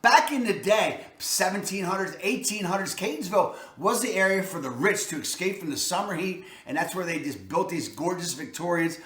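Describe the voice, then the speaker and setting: A man's voice: expressive, normal speed, few pauses, a bit bright, roomy sound. A man with a Baltimore accent, a real estate agent talking up his area in an emphatic, salesy vlog style. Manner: salesy, emphatic, repeats "I'm telling you" and "boom".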